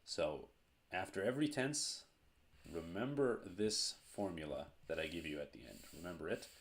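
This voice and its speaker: A man teaching a grammar lesson at a board, slow and deliberate, repeating each verb form. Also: sits low, animated.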